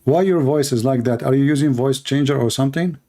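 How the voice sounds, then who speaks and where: A man's voice: mid-range voice, fairly quick, warm tone. A man hosting a live call-in debate show in slightly broken English, mocking and taunting his callers.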